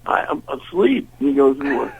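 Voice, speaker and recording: Older male blues singer, gravelly and husky, rambling storyteller who acts out every voice in his anecdotes. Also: mid-range voice, sing-song, a little slow, highs cut off. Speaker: blues singer, interview guest. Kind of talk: casual storytelling interview.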